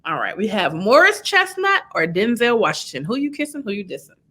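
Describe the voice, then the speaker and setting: A woman's voice: mid-range voice, big pitch swings, a little fast, pushed and bright. A woman hosting a casual online talk show, asking playful questions with a teasing, sassy manner. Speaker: show host. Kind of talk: casual interview chat.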